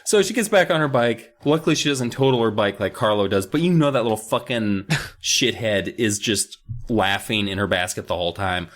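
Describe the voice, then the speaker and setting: A man's voice: lowish voice, normal speed. A man co-hosting a podcast, retelling a children's horror book with profanity and laughter. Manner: profane, laughing, animated storytelling. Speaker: podcast co-host. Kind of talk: comedic book recap.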